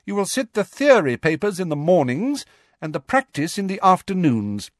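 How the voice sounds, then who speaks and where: A man voicing a strict elderly female professor, speaking in a crisp, measured, formal way. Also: high voice, very animated, no echo, clean studio sound, pitched above the performer's own voice. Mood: stern.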